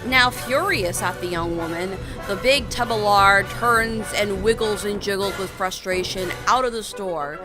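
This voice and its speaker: A woman narrating a story casually for her channel, animated and full of exclamations. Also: mid-range voice, measured pace, hardly any pauses, music in the background. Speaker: storyteller youtuber.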